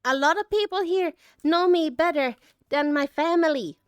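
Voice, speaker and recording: A woman giving an emotional personal reflection as an artist. She is choked up and holds back tears, talking haltingly with many restarts and trailing phrases. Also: high voice, no room sound, clean studio sound.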